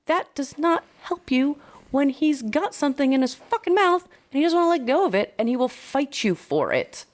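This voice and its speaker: A young adult woman dog trainer chatting on a podcast, animated and blunt, swearing freely. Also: normal speed. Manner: animated, swearing, swoops high when quoting. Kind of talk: casual podcast chat.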